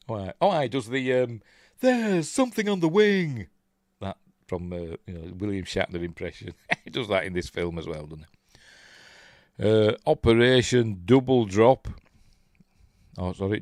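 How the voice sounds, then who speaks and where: A man's voice: deep voice, a little mellow, no echo, clean studio sound. An older man from Yorkshire with a Yorkshire accent, hosting a rambling, chuckling casual live-stream chat and reading out viewer comments. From Yorkshire, England. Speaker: host.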